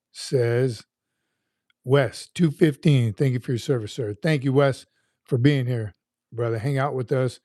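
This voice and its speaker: Man, livestream host, casual chat, folksy, warm mellow voice, dry close sound. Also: mid-range voice, no room sound. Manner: greets chat viewers by name, upbeat and folksy.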